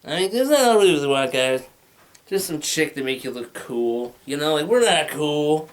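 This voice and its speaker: A man's voice: on the high side, expressive, moderate pace. A man in his thirties doing a rambling, crude stand-up comedy set, acting out voices and talking into a handheld microphone. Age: 30s. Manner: rambling, crude, acts out voices with big swings.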